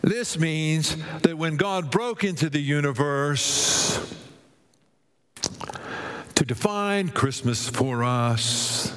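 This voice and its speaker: Male preacher, fairly high voice, theatrical delivery from soaring highs to near-whispers, long church reverb. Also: expressive, extremely slow, long pauses. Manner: dramatic, swings from ringing high declamation to low hushed tones. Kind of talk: sermon.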